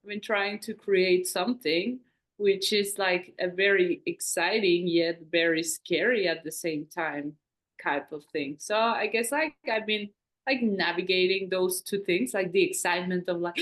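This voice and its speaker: A woman's voice: lowish voice, measured pace. A woman co-hosting a podcast, talking in a reflective, rambling way with many fillers. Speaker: podcast co-host. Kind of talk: casual conversational podcast chat.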